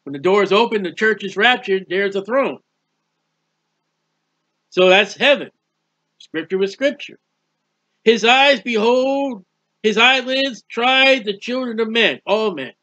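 Bright high-voiced man preaching plainly. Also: muffled recording. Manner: plain-spoken, asks rhetorical questions, repeats phrases for emphasis. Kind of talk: conversational Bible teaching.

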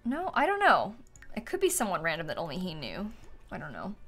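A woman's voice: lowish voice, wildly swooping pitch, fairly quick, fairly bright tone. A woman streamer chatting casually while playing a game, laughing often and thanking viewers for donations. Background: faint background music.

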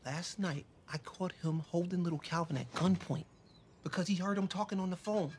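An actor playing a flustered, worn-out young husband who talks slowly and drifts into baby talk. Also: male voice, sits high, a little mellow, a little hiss or hum, lightly acted. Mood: bewildered. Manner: slow, bewildered, baby talk to an infant.

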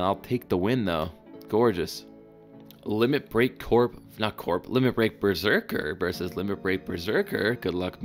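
A man giving excitable, joking live commentary over gameplay, with sudden high-pitched exclamations. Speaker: gaming channel host.

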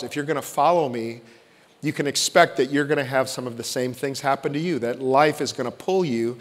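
A man preaching a sermon as pastor, swinging from loud emphatic lines to hushed, intimate ones. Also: fairly high pitch. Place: church sanctuary. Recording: long church reverb.

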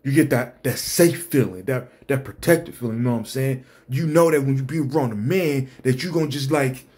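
A man voicing a smooth-talking guy who keeps asking "you know what I'm saying" as he coaxes. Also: medium pitch, fairly quick, a little mellow, voice pushed down, natural voice. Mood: coaxing.

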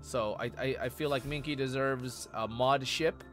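A man streaming a video game live, chatting casually with viewers and bursting into excited outbursts between mumbled asides. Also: medium pitch, normal speed. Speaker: gaming streamer. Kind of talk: live gameplay stream chat. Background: faint game music.

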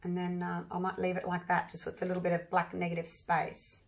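A woman with a husky voice from allergies, chatting her way through an acrylic paint pour, thinking aloud and breaking into excited exclamations. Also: lowish voice, fairly quick. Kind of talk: casual demonstration while working.

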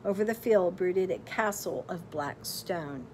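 A woman's voice: lowish voice, lively intonation, a little slow, darkish tone, slight background noise. A woman reading a story aloud expressively, now and then stopping to quiz her listeners.

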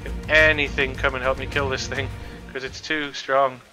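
A man giving excitable let's play commentary, shouting at the creatures in his game. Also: medium pitch, moderate pace, soft background music. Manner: excitable, talks at the game creatures, frequent exclamations. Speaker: gaming channel host.

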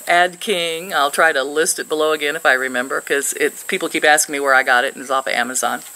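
A woman's voice: deep voice, steady tone, fast, bright, forceful tone, poor audio. An older woman from Missouri, sitting outdoors and chatting to camera as she tells a rambling story with frequent laughs. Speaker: vlogger.

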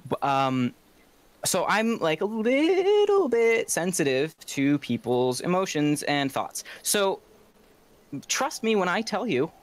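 A man's voice: sits high, sing-song, slow pace, voice pushed up, heavily acted. A man voicing an earnest, chatty young woman investigator who explains herself at length in a tabletop game.

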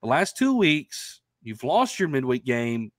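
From his home in Arkansas, a man co-hosts a relaxed sports talk stream over a remote stream mic, speaking at a measured pace in a mid-range voice with big pitch swings. He sounds stuffy and nasal because of allergies but keeps things upbeat and chatty, full of fillers. The audio is studio quality with no room sound.

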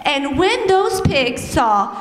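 A woman teaching a children's church lesson, telling a story in an animated, coaxing way and leading the kids in call-and-response. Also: high-pitched, takes it slowly, slight background noise. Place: church sanctuary. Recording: echoey hall, heard from some distance.

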